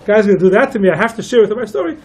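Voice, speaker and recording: High-voiced rabbi telling a story. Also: male voice, very fast, slightly rough, rough recording. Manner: animated storyteller, quotes each figure in turn. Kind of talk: storytelling talk.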